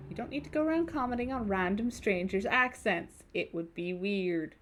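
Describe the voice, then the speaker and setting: Woman streamer, casual commentary, joking asides, mid-pitched voice. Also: moderate pace, a little hiss or hum. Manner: joking asides, reads game text aloud.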